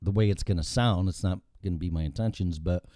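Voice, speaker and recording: A man with a Chicago accent hosting a talk show in casual, profane chat, telling animated stories. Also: low-pitched, fast talker, no room sound, studio quality.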